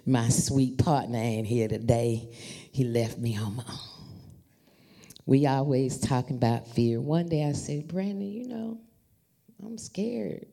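A woman preaching a storytelling sermon, talking to the congregation in an animated, familiar way. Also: extremely low pitch, a little slow. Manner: animated, addresses the congregation as y'all.

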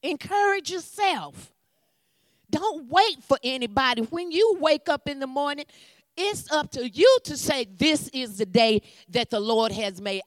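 A woman preacher, leading a sermon with call and response and swinging from loud calls to hushed whispers. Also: high-pitched, lively intonation, a little slow, no echo, clean studio sound.

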